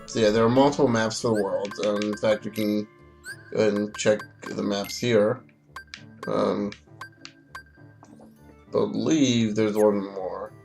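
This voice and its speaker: A man's voice: fairly low pitch, steady tone, unhurried, creaky, long pauses, a little mellow, soft background music. A man giving casual, rambling, joking commentary over a video game. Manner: rambling, joking, many fillers. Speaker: let's play gamer.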